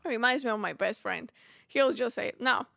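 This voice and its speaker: Bright high-voiced chatty woman. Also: animated, vocal fry, dry recording, clean studio sound. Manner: chatty, quick, heavy use of "like", acts out quoted lines. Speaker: podcast co-host. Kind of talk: casual film review chat.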